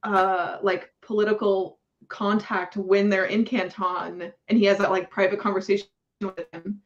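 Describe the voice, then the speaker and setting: A woman's voice: medium pitch, little pitch movement, moderate pace. Woman hosting a book chat, lots of "like", kinda muffled sound. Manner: gushing, filler-heavy, laughs between lines. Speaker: book club host. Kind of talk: casual book discussion.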